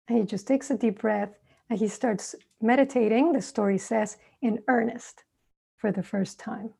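A woman meditation teacher giving a dharma talk, telling stories in a relaxed, conversational way with thoughtful asides. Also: on the high side, normal speed, gravelly, breathy edge.

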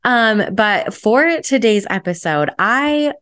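A woman's voice: fairly high pitch, expressive, slow, fairly bright tone. A young adult woman hosting her solo podcast, chatty and upbeat, with lots of "like" fillers. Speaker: podcast host.

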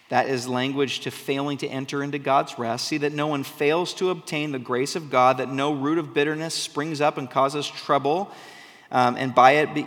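This sermon comes from a man with a medium-pitched, slightly bright voice. He reads passages of scripture and unpacks them in relaxed, chatty asides, all under a long hall echo.

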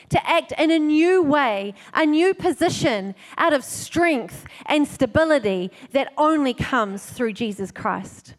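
Woman preacher, high voice, animated storytelling, long hall echo. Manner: animated retelling with acted quotes, drops soft for emphasis. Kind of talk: sermon storytelling.

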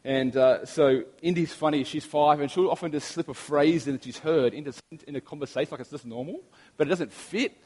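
A man's voice: fairly high pitch, brisk, a little mellow, breathy edge. A man in his thirties, a pastor, preaching a sermon in a chatty, storytelling way with frequent restarts. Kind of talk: sermon with prayer. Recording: long reverb of a large hall.

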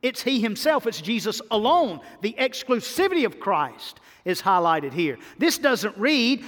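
A man's voice: sits high, very animated, a bit bright. Emphatic preacher man in reverberant sanctuary. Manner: emphatic, deliberate preaching with dramatic pauses. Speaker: pastor. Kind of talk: sermon.

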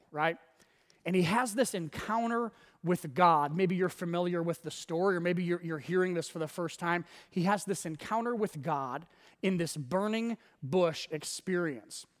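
Male pastor, high voice, chatty storytelling sermon in a big echoing church hall. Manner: conversational storytelling, retells scenes in casual voices.

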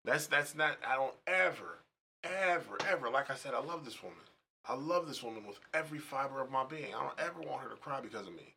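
Casting: man with a very bright, cutting voice, emphatic and profane, faint hiss. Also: mid-range voice, animated, fast, vocal fry. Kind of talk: casual podcast chat.

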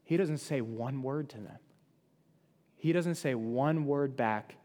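A man's voice: mid-range voice, slow, darkish tone, in a large hall. A man preaching a sermon in a casual, conversational way, with fillers and quotes that he acts out. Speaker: pastor.

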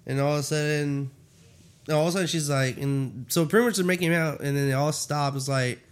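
A man co-hosting a podcast, chatting casually about comics in a rambling, profane way and acting out scenes in quick quoted voices. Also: fairly high pitch, steady tone, smooth. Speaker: podcast co-host. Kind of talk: casual comic review chat.

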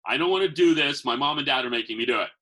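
Rapid-fire and expressive, this professional Santa and magician has a mid-range, bright, forceful voice with a breathy edge. He tells rambling, casual stories, acting out the people he quotes, on poor-quality audio.

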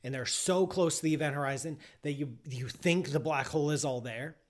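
A man's voice: on the high side, a little fast. A middle-aged man hosting a podcast, answering listener questions in casual, rambling chat with teasing asides.

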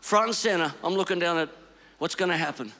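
A man preaches in a high, bright voice with a gravelly edge, telling his sermon with passion that drops to a hush and rises to a shout. His words ring out with a long reverb in a church hall. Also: fast talker. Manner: impassioned, swinging from hushed to shouting. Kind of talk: storytelling sermon.

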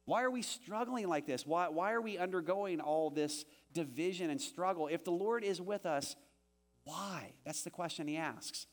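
A man preaching a sermon as pastor, animated and acting out the quoted voices of the story he tells. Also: moderate pace. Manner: animated, acts out quoted voices with rising pitch.

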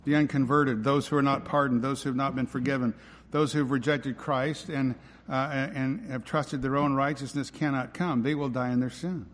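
A man's voice: medium pitch, steady tone, moderate pace. Emphatic male preacher in a reverberant hall. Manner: emphatic preaching with rhetorical questions. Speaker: pastor. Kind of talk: sermon.

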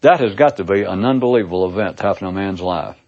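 A man's voice: sits low, quick pace, a little mellow. A man in a casual philosophical monologue, theatrical and sarcastic, heard on a dull lo-fi recording. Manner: sarcastic, theatrical, swooping emphasis. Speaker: speaker giving a monologue.

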